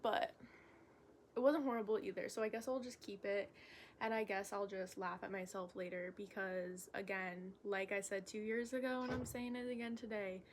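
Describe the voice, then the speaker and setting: A young woman making a casual vlog, talking in a halting, candid way with lots of fillers and self-corrections. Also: mid-range voice, steady tone, a little hiss or hum. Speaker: vlogger. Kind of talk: rambling stream-of-consciousness vlog.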